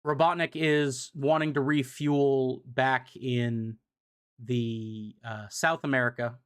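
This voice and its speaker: A man's voice: mid-range voice, steady tone, slow, clear, resonant tone. Male streamer, casual rambling recap delivery, fillers throughout. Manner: rambling, frequent ums and restarts. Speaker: streamer summarizing comics. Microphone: desk mic on a live stream.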